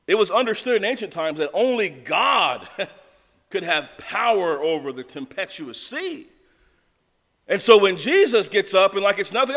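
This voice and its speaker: This pastor's voice is high and fairly bright, swinging widely in pitch at a moderate pace. He preaches in a church sanctuary, chatting conversationally and chuckling through his story, with long reverb filling the recording.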